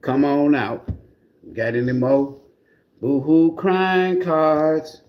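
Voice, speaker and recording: A man's voice: a little high, flat delivery, drawn-out words, highs cut off, background noise. A man giving a casual livestream tarot reading in a blunt, profane, mocking way. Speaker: tarot reader.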